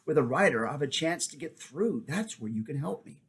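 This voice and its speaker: A man reading aloud voices a proud male talking war horse, speaking briskly and a little contemptuously in a storybook reading. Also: fairly high pitch, animated, a bit bright, pitched above the performer's own voice. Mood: persuasive. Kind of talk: audiobook character voice.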